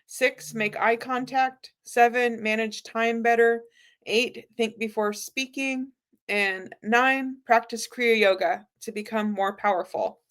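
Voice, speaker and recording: Slow, giggly woman co-hosting. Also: on the high side, steady tone, a bit bright, clean tone. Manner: giggly, supportive, reads lists out slowly. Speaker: co-host reading viewer comments and lists. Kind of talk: casual livestream co-hosting.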